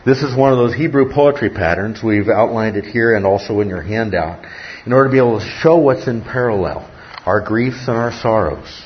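A man's voice: fairly low pitch, animated, a little fast, a little hiss or hum. A man preaching a sermon as pastor, stressing key words and checking in with the congregation as he teaches. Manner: emphatic teaching, often checks in with listeners. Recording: dull lo-fi sermon recording.

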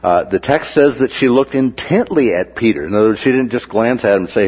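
A man with a husky, low voice teaches through Bible verses in a relaxed, conversational way, full of "uh" and "right?" asides. He sometimes jumps higher to act out a quoted line. The sound is muffled and trails off into a long reverb. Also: normal speed.

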